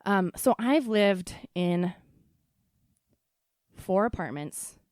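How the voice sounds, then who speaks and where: A young adult woman hosting a podcast, telling a personal ghost story casually, with laughs, swearing and quick asides. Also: medium pitch, lively intonation, a little mellow, no room sound, studio quality. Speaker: podcast host.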